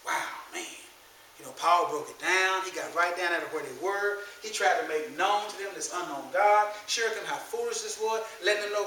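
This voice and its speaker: A male pastor preaching in an animated, colloquial way, with a high and very bright voice. He shifts between loose everyday speech and King James scripture and calls out to his congregation. The recording is echoey and distant, with faint room ambience. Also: moderate pace, a little hiss or hum. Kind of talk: sermon. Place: church sanctuary.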